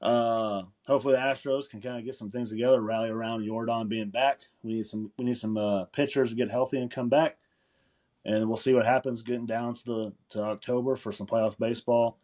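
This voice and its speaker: A man's voice: mid-range voice, steady tone, brisk, a little mellow. Laid-back man running a sports rundown. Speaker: podcast host. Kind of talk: casual sports chat.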